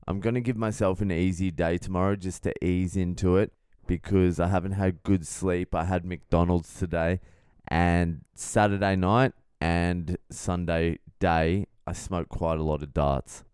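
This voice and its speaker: A blunt, profane comedian tells stories in a casual podcast monologue. His voice is low, clean and smooth, recorded close and dry. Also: darkish tone, no echo.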